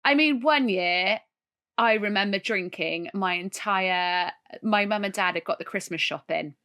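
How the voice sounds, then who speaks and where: Bright lively woman telling stories. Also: mid-range voice, unhurried, smooth. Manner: animated, laughing, tells stories with voiced asides. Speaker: podcast co-host. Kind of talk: casual chat, storytelling.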